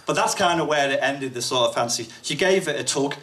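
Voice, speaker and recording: A man's voice: medium pitch, expressive, a little fast, a bit bright. Man doing stand-up in a noisy venue. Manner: storytelling with acted asides, swearing. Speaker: amateur stand-up comedian. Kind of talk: stand-up comedy set. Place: packed comedy night venue.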